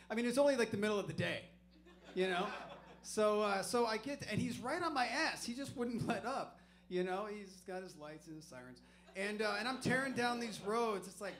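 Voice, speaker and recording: A man's voice: sits high, a bit bright, a little hiss or hum. A man doing stand-up comedy, telling a story in a loose, profane, self-mocking way on a comedy club stage.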